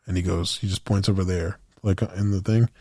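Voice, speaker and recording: A man's voice: low voice, steady tone, fairly quick, warm tone, no echo, studio quality. A man co-hosting a podcast in casual chat, rambling through movie scenes and acting out the lines with plenty of swearing. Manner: rambling storyteller, acts out movie quotes, swears. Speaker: podcast co-host.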